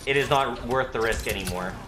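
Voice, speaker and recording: A man streaming a fighting game live, talking to his viewers, thanking them for likes, and swearing and shouting when he gets hit. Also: medium pitch, brisk. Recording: roomy with game music behind.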